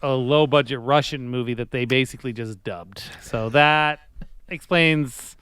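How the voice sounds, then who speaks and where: A man co-hosting a comedy podcast, delivering absurd jokes in a deadpan, matter-of-fact way. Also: medium pitch, unhurried, smooth, no echo. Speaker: podcast co-host. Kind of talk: casual comedic banter.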